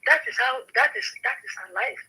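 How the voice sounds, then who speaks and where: A woman's voice: high-pitched, fairly quick, bright, forceful tone, husky, rough recording. A woman with a Nigerian accent in an emphatic, scolding casual gossip chat, repeating herself for emphasis.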